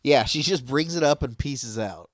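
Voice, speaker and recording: A man's voice: mid-range voice, animated, moderate pace, no room sound, clean studio sound. A man in casual chat recapping a reality show, laid-back and wry, swearing casually.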